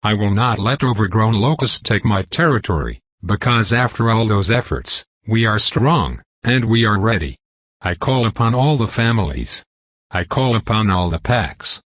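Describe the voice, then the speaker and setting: A man's voice: lowish voice, expressive, moderate pace, a bit bright, dry recording. A man voicing a commanding werewolf pack leader in a fantasy audiobook, giving a rousing, declaiming speech.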